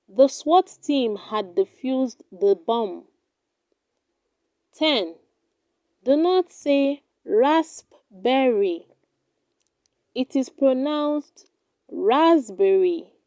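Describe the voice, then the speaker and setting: A woman with a high but mellow voice reads a pronunciation lesson at a very slow, deliberate pace, saying each word twice. The recording is dry and close, with no room sound. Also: no echo, lo-fi sound. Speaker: pronunciation teacher. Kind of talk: slow scripted pronunciation drill.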